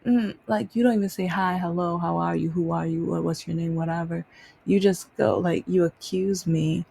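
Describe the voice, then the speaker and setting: A woman telling stories in a casual vlog, exasperated and animated, mocking the things people say to her. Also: fairly low pitch, normal speed, creaky, husky. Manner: animated, exasperated retelling with mocking quoted voices. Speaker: vlogger.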